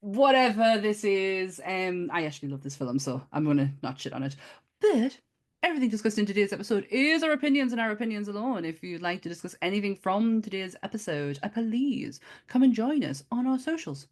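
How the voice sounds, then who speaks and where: A chatty, giggly woman hosts a podcast, her voice bouncing up and down with lively, sing-song pitch. She talks in a relaxed, casual way and breaks into laughter often. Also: brisk. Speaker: podcast host.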